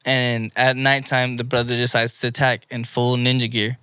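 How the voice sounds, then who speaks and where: A man co-hosting a casual podcast, recapping anime episodes in a rambling, animated play-by-play. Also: mid-range voice, normal speed, smooth, no room sound, studio quality. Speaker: podcast co-host.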